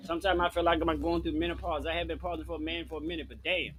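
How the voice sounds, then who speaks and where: A man's voice: fairly high pitch, steady tone, racing, slight background noise. A man hosting a live online talk show, camp and profane, teasing his guests sassily into a home webcam. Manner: camp, profane, teasing, heavy on "bitch" and "honey". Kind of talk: brash, sassy live chat.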